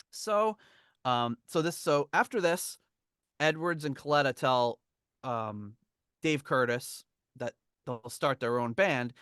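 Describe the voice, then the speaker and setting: A man's mid-range, slightly bright voice carries a memoir reading on his podcast, told in a rambling, chuckling, casual way. The audio is studio quality with no room sound.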